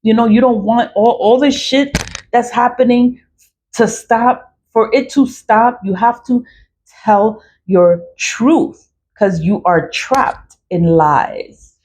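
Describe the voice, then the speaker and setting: A woman's voice: a little high, takes it slowly, darkish tone, a little hiss or hum. A woman talking casually about spiritual matters, blunt and profane, laughing often and repeating her points. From New York. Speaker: spiritual talker. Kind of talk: casual monologue.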